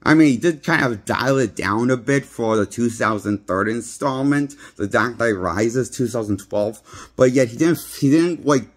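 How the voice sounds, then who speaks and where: A man's voice: medium pitch, moderate pace. Rambling man reviewing movies. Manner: rambling, blunt, repeats himself. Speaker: movie critic. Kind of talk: casual vlog movie review. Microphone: handheld phone.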